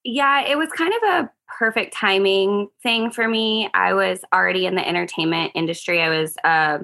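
A woman's voice: mid-range voice, moderate pace, creaky, sharp tone. A woman guest on a podcast interview who talks with a wry, self-deprecating humor. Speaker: guest, former reality TV contestant.

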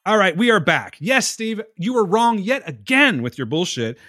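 A man's voice: high-pitched, big pitch swings, moderate pace, sharp tone, no room sound, clean studio sound, faint music behind. A man co-hosting a casual podcast, arguing heatedly, swearing and laughing often. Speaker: podcast co-host. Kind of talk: casual chat.

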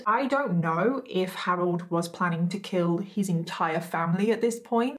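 A woman hosting a true crime video, retelling a case casually with frequent asides to her viewers and emphatic disbelief. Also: lowish voice.

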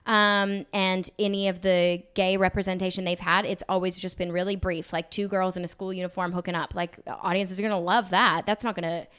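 A young woman from Australia, a guest actress chatting casually in an interview, laughing often and filling pauses with "like" and "um". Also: on the low side, level tone, a bit bright, clear, resonant tone.

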